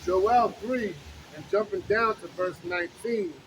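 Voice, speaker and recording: A man with a high voice reads scripture aloud, slow and deliberate, lifting his voice on each verse. Faint traffic sounds in the background. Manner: slow, deliberate, declaiming reading. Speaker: scripture reader. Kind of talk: reading scripture aloud outdoors.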